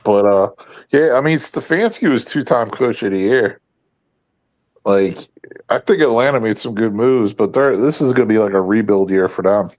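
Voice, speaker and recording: A man's voice: fairly low pitch, moderate pace, darkish tone. A man co-hosting a casual sports podcast, rambling with lots of fillers and casual swearing. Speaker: podcast co-host.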